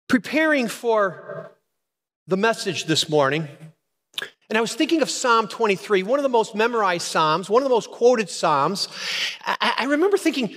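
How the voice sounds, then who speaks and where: Middle-aged male pastor, high-pitched, dramatic pauses; echoing church hall. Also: a bit bright. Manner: dramatic storytelling with pauses and repetition. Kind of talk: sermon. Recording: long hall reverb.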